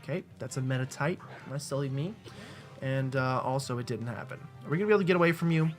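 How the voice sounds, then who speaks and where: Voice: medium pitch, fast talker, soft background music. A let's-play host giving casual, rambling, self-mocking commentary while playing a game at a desk mic. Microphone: desk mic with webcam.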